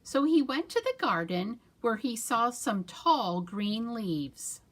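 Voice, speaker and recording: A woman children's librarian leads a storytime, reading with big, lively swoops in her voice. She takes her time and speaks slowly for little listeners. Her voice sits somewhat high. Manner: animated, with sound effects and hand-motion rhymes.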